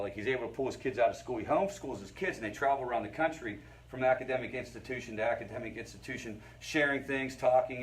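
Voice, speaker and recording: Middle-aged man lecturing from across the room. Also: medium pitch. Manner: conversational, keeps checking in with the audience. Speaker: recovery group lecturer and therapist. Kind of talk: informal lecture to a family recovery group. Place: meeting room with a group. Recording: voice picked up from a distance.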